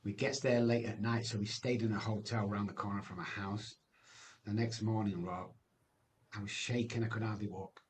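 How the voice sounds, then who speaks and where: A man's voice: fairly low pitch, fairly even intonation, moderate pace, slight background noise. A man, telling his recovery story as a guest in an emphatic, personal way, often ending phrases with "man". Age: 60s.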